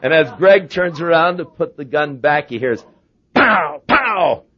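A man's voice: a little high, normal speed. A man preaching a sermon as a pastor, telling humorous stories. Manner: anecdotal, humorous storyteller. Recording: dull lo-fi sermon recording.

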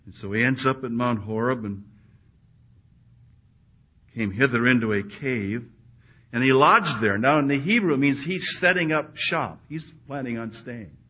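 A man preaching a sermon, swinging between loud emphatic peaks and hushed, quiet asides. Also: medium pitch. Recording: dull lo-fi recording.

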